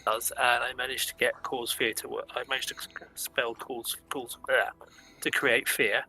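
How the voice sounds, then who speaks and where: A man's voice: medium pitch, flat delivery, moderate pace, pushed and bright, slightly rough, low-quality recording. A man, a player in a tabletop role-play, talking earnestly with stammered repeats.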